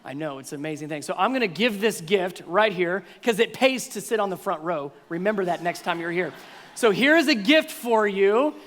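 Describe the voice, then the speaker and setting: A man preaching a sermon as pastor, animated and playful, now and then acting out what people might say. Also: sits high, moderate pace, long reverb tail, a little hiss or hum. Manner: animated, acts out voices of congregants with playful exaggeration. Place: church sanctuary.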